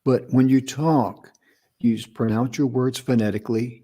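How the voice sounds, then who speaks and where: Older male co-host from North Carolina, husky, slow and deliberate, casual advice chat. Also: medium pitch, fairly even intonation, dark tone. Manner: slow, deliberate, carefully pronounced speech.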